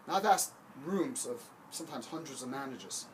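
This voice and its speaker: A man's voice: mid-range voice, lively intonation, a little fast, hardly any pauses, slight background noise, low-quality recording. A man giving a motivational talk about hiring, emphatic and punchy, telling stories.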